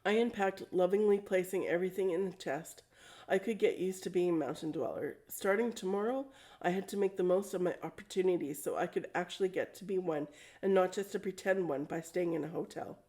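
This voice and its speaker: A woman reading a storybook aloud at a steady pace, with small self-corrections now and then. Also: fairly low pitch, a little fast. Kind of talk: storybook read-aloud narration.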